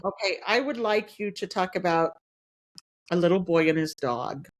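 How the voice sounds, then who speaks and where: A woman's voice: lowish voice, lively intonation, normal speed. Woman interviewer, upbeat and gushing, casual chat. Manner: enthusiastic, effusive praise. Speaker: host, interviewer.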